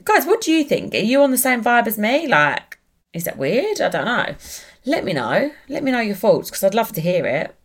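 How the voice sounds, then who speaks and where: A woman's voice: fairly high pitch, sing-song, normal speed. A woman hosting a podcast, chatting casually and animatedly, restarting sentences and exclaiming as she goes. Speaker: podcast host. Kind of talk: casual chat.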